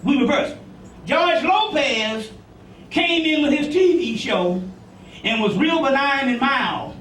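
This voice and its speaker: A man with a very high voice talks to an audience in loose, rambling style, swearing freely and often checking "you see what I'm saying". He is heard from some distance in an echoey room with faint noise behind him. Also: expressive, slow pace, a bit bright. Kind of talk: informal lecture to an audience.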